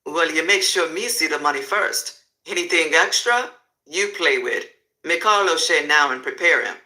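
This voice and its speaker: Casting: man playing a brash male kingpin, raised pitch, sharp bright tone, barking orders. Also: normal speed, roomy sound. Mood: commanding. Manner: commanding, clipped pidgin grammar. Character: demanding male drug boss, brash and bossy.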